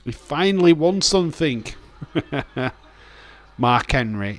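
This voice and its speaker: A man chats his way through a wrestling watch-along on a livestream. His voice sits fairly low and his delivery is slow and unhurried. He laughs a lot and talks straight to his chat. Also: soft background music. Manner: jokey, reads chat aloud, laughs often. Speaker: livestream host.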